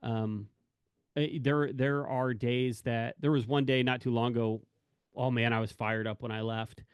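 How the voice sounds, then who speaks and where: A man's voice: medium pitch, fairly even intonation, a little slow, clean tone, no echo, clean studio sound. A man who works in corrections talks candidly about work and family, rambling and correcting himself as he acts out bits of dialogue. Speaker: corrections officer speaking to staff.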